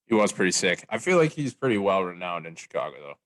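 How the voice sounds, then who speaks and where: A man co-hosts a casual sports chat in a lowish voice with a dry, close sound. He is measured and deadpan and lays down his opinions firmly. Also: no echo. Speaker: podcast co-host.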